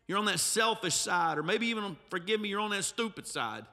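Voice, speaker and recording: A man's voice: high voice, lively intonation, a little fast, sharp tone, big-room sound. A male pastor, preaching a humorous, emphatic sermon with asides to the congregation. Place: church sanctuary.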